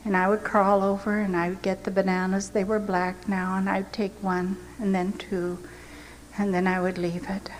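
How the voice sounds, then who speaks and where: A woman's voice: mid-range voice, flat delivery, normal speed. An older woman from the United States giving a heartfelt personal testimony as a missionary, earnest and sometimes sinking to a near-whisper. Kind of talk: emotional personal storytelling. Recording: long hall reverb, faint background hiss.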